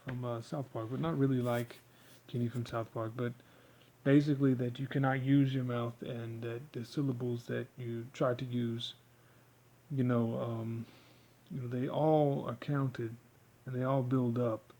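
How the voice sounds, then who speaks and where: A man giving a rambling, halting monologue, full of fillers as he explains a technique. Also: medium pitch, warm tone, poor audio. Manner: halting, filler-heavy, meandering.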